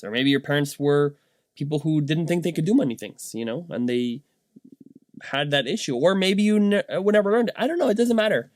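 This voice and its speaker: A man, a dad, telling a casual motivational story in a rambling, animated way, tagging his points with "right?". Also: on the high side, no room sound. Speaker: vlogger and dad.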